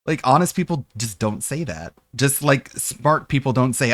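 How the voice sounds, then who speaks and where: A man's voice: medium pitch, normal speed, hardly any pauses, dry recording. A man in a played clip arguing in a mocking, incredulous way. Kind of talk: argumentative commentary.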